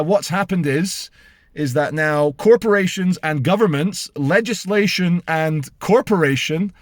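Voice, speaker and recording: A middle-aged British man ranting to camera as he tells a story, animated and sarcastic. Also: sits high, no room sound, clean studio sound. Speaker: vlogger. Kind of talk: casual storytelling rant to camera.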